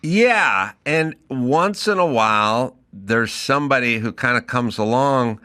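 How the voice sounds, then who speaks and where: A man's voice: mid-range voice, animated, unhurried, pushed and bright, clean tone. A middle-aged man hosting a podcast in casual studio chat, blunt and jokey as he riffs. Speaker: podcast host.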